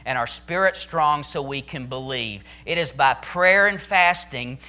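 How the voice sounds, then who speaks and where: High-voiced, slow-preaching man pastor. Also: bright, forceful tone, clear, resonant tone. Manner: preaching with rising, emphatic intensity. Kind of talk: sermon.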